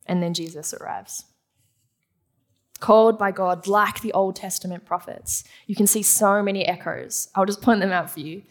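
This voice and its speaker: A woman preaching a sermon to a live audience in a teaching manner, asking the room questions and answering them. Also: mid-range voice.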